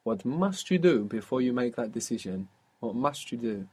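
A man with a husky, slightly rough voice leads an audio language lesson. He explains patiently, one step at a time, and stops often to ask his student questions. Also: mid-range voice, sing-song, normal speed, darkish tone. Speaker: language teacher.

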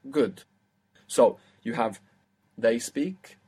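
A man's voice: mid-range voice, extremely slow, mellow, slightly rough. Patient male language teacher. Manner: patient, explains step by step and quizzes the student. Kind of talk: spoken language lesson with a student.

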